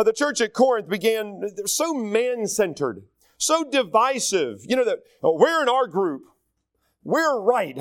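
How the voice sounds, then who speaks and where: A middle-aged pastor with a Southern accent delivers a lively, self-mocking sermon. His voice sits high and leaps up and down as he acts out the people he quotes. The sound is dry and close. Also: dry recording.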